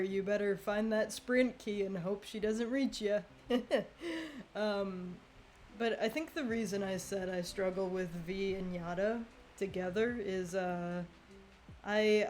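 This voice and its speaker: A young woman streaming a game live, chatting casually, laughing often and reacting loudly to what happens on screen. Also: mid-range voice, slight background noise. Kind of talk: casual gameplay commentary.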